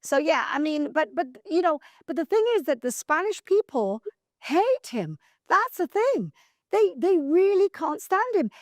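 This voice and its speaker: A woman hosting a news commentary show, speaking emphatically and scolding, slowing down to stress her words. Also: extremely high pitch, sing-song, no echo. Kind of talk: opinion commentary.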